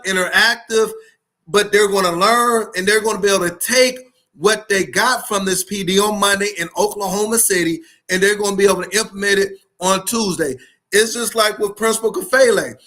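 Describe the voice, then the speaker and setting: A man's voice: sits high, sharp tone. A man hosting a live talk, preaching with fiery repetition and slangy to his listeners. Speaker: podcast host, school leadership speaker. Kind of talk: live-streamed motivational talk.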